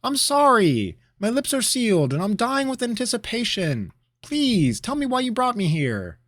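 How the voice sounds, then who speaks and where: A man voicing an excitable young male apprentice mage who gushes and interrupts in a breathless rush. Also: very high voice, a little slow, dry recording, clean studio sound, voice pushed up, heavily acted. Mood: pleading.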